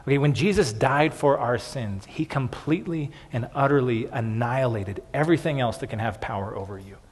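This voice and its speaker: An earnest male pastor preaching a sermon, his husky voice carrying a long reverb through a church hall. He often doubles words and drops "okay" between points, and his pitch sits in a middle range. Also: fairly quick.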